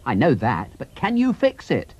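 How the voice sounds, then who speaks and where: A man voicing a cheerful, excitable young male pig in a cartoon, bubbly and giggly, full of exclamations. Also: mid-range voice, normal speed, no room sound, pitched below the performer's own voice. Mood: excited. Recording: dull VHS tape with loud music.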